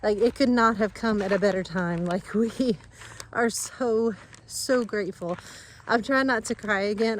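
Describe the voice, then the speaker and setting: Rambling woman vlogging outdoors. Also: medium pitch. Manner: rambling, warm, talks to her animals and viewers. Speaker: vlogger on a family farm channel. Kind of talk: casual vlog chat. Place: outdoors on a rural driveway and yard.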